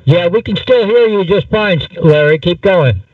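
High-voiced male radio host on tinny line. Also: lively intonation, moderate pace, no echo, far from the mic. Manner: brief, encouraging prompts. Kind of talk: call-in radio hosting. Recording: tinny phone-like line from afar.

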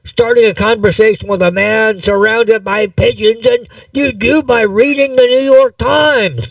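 A man voicing an agitated male prisoner who rambles in a sarcastic, jumpy way in a much higher voice. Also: measured pace, vocal fry, dry recording, distant mic, dull audio, heavily acted. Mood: bitter.

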